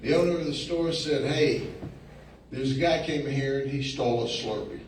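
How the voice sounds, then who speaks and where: A man's voice: mid-range voice, moderate pace. Man spinning folksy stories in an echoey room. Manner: down-home storytelling, mimics people in the story, chuckles often. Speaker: sheriff giving a talk. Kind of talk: folksy storytelling speech. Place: meeting room. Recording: echoey room, distant mic, faint hum.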